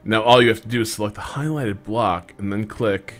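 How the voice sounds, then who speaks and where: A man's voice: lowish voice, brisk, soft background music. A man hosting a casual game stream, wry and profane, reading game text aloud. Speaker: stream host. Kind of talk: casual chat playing a game.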